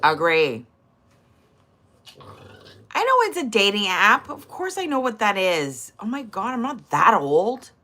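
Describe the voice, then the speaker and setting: A woman's voice: mid-range voice, big pitch swings, unhurried, pauses often, pushed and bright. A woman hosting a casual livestream, sassy and blunt, teasing her chat and swearing freely. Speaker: livestream host.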